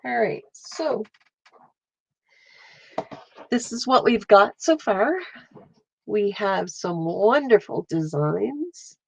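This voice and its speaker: A woman's voice: medium pitch, lively intonation, extremely slow, gravelly, long pauses, husky, dry recording. A woman hosting a casual watercolour livestream, stuffy-nosed, chatting with viewers while she paints. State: stuffy nose. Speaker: livestream host. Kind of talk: casual live art stream.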